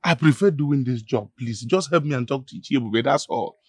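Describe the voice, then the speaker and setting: A man's voice: medium pitch, animated, brisk, no echo, studio quality. An actor with a Nigerian accent playing a desperate young servant who stammers and begs to keep his job in a Nollywood film. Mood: pleading. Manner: stammering, pleading.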